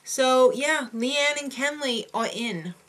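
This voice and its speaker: A woman's voice: sits high, expressive, takes it slowly, a bit bright. A woman with a New York accent, co-hosting a casual, opinionated chat about a reality show. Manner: chatty, opinionated, joking. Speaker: recap show co-host.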